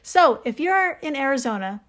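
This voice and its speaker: A woman's voice: high voice, very animated, moderate pace. A young adult woman co-hosting a podcast, chatty and jokey, leading the segment from her notes. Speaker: podcast co-host. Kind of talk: casual podcast chat.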